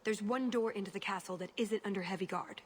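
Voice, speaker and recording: A woman voicing a wry, sharp-tongued female rogue with a dry, sardonic delivery. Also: medium pitch, quick pace, slightly rough, close to an everyday voice.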